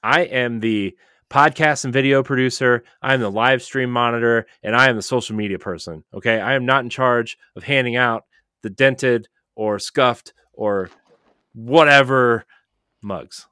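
A man's voice: mid-range voice, measured pace, sharp tone, clear, resonant tone, dry recording, clean studio sound. A man who produces a podcast, chatting casually and emphatically, often tacking on "okay?". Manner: emphatic, keeps adding "okay?".

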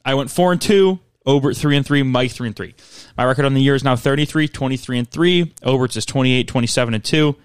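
A man hosting a casual college football podcast, excitable and quick to laugh. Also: medium pitch, clean tone, dry recording. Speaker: podcast host. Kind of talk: casual sports podcast chat.

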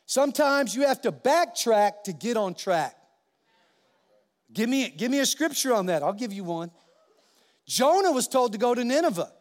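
A man preaching a sermon as a pastor, animated storytelling and acting out the voices in his quotes. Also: extremely high pitch, normal speed, pauses often, big-room sound.

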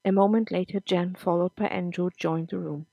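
Female podcast narrator reading a serial story, steady and plain, dry close mic. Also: on the low side, normal speed, gravelly, dry recording, dull audio.

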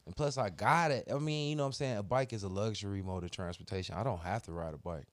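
A man's voice: on the low side, quick pace. A man co-hosting a podcast in casual chat, telling a story with heavy cursing and slang. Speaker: podcast co-host.

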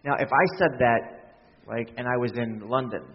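A man's voice: medium pitch, steady tone, moderate pace, husky. A man preaching a conversational sermon as pastor, with frequent restarts and asides. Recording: distant hall sound, dull lo-fi.

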